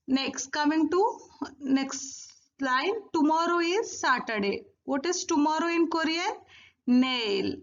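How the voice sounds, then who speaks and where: Woman teacher, high voice, unhurried drilling, dull lo-fi recording. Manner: slow, repeats each word twice for drilling. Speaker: language teacher. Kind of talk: recorded language lesson.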